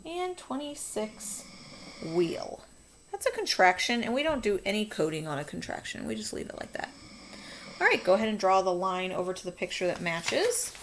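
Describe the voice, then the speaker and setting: A woman's voice: medium pitch, very animated, normal speed, fairly bright tone, slight background noise. A woman teacher talking students through a phonics coding lesson, patient and encouraging.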